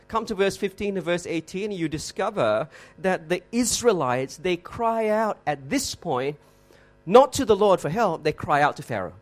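A man preaching an expository sermon, emphatic, slowing down and repeating words for effect, with rhetorical questions. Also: high-pitched.

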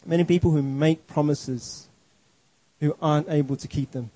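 A man's voice: fairly high pitch, steady tone, normal speed, warm tone, no room sound, rough recording. A man preaching a sermon in an earnest, emphatic way, often restarting his words.

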